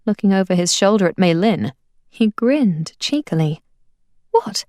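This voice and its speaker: A woman reads a storybook aloud with lively, expressive rise and fall. Her voice sits in a middle range and sounds close to the mic, with a dry finish. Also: medium pitch, moderate pace, dry recording. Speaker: narrator. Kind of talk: audiobook reading.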